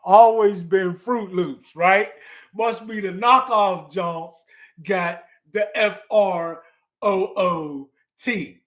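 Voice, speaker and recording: A man's voice: high-pitched, very slow, fairly bright tone. A man hosting a live stream in a casual, laid-back way, chuckling often and spelling words out letter by letter as he chats with viewers.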